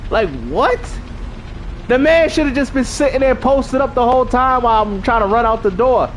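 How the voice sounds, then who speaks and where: A man hosting a gaming channel, talking in a casual, slangy, animated way and often repeating himself. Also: very high-pitched, normal speed, noisy background.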